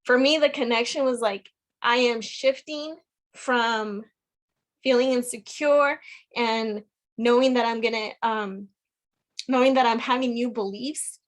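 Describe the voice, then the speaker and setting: Chatty woman guest, slightly high voice. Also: fairly even intonation, unhurried. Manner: chatty, many "like" fillers, earnest. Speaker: guest, program member. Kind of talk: casual personal testimony.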